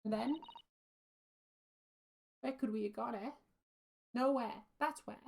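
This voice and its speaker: A woman's voice: fairly high pitch, takes it slowly, gravelly, a little mellow, slight background noise. A woman voicing a frightened young working-class female witness in a put-on Irish accent, hesitant and nervous. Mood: defiant. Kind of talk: game dialogue read aloud.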